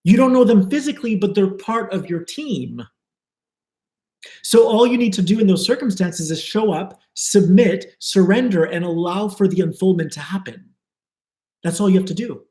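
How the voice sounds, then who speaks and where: A man's voice: high-pitched, lively intonation, normal speed, a little mellow, roomy sound. A man giving a live spiritual talk to his viewers, earnest and flowing, repeating words for emphasis. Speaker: spiritual teacher.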